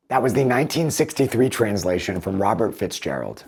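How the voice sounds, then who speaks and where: A man giving measured, analytical commentary as a book reviewer, comparing translations with animated emphasis. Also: lowish voice, breathy edge.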